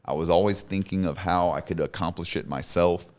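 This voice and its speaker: An intense, candid man in his thirties tells his life story as a podcast guest. His voice sits very low, and he speaks with plain conviction. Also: fairly even intonation, fairly quick, darkish tone. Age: 30s. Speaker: interview guest, business CEO. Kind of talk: emotional personal storytelling in a podcast interview.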